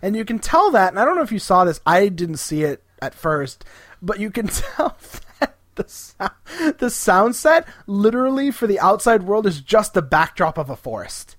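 A podcast co-host casually recapping an episode, animatedly retelling scenes and quoting characters in quick voices. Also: medium pitch, big pitch swings, a bit bright, no echo, clean studio sound.

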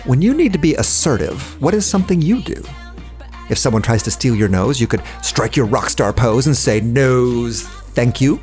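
A man's voice: medium pitch, lively intonation, moderate pace, darkish tone, faint music behind, natural voice. Scotty, a man playing a bubbly host. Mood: chatty. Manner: bubbly, chatty, punny, addresses listeners directly. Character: upbeat young adult male host character Scotty. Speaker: show host. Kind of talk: children's audio drama.

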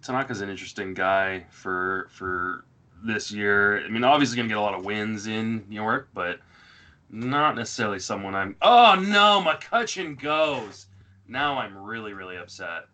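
Bright-voiced man musing through a draft. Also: lowish voice, normal speed. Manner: rambling, thinking aloud with many fillers. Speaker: fantasy baseball podcast host. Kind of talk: casual live draft commentary.

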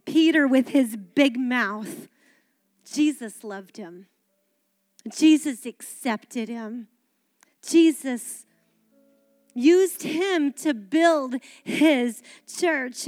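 Woman pastor, sermon, high voice, animated dramatic delivery, church stage. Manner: animated, dramatic preaching with acted quotes.

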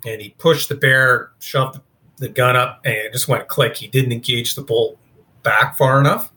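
Man, interview guest, casual rambling storyteller, bright forceful voice. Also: medium pitch, steady tone, normal speed. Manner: casual, rambling, with many fillers. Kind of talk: storytelling in conversation.

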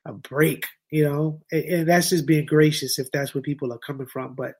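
Male podcast guest, slightly high voice, slangy and emphatic, repeats lines for weight. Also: steady tone, brisk, darkish tone. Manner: informal slang, emphatic repetition. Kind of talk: casual chat.

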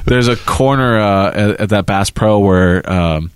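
A man's voice: fairly low pitch, a little slow, clear, resonant tone, dry recording. A man in casual, profane chat who laughs often and tells stories with lots of swearing. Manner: laughs a lot, swearing, lively storytelling. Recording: dry close mic.

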